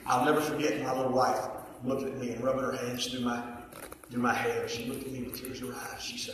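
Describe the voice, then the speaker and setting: A man preaching a personal testimony, quiet storytelling breaking into shouts and sung hymn lines. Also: medium pitch, little pitch movement, quick pace, noisy background. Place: church service. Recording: echoey church hall, mic far off.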